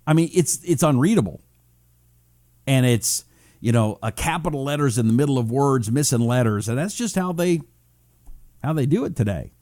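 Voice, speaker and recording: Guy hosting a livestream, reads comments, jokey, swings his pitch around a lot. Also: moderate pace, no echo, clean studio sound. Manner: animated, joking, mock-apologetic asides. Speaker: talk show host. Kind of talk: livestream chat reading viewer comments.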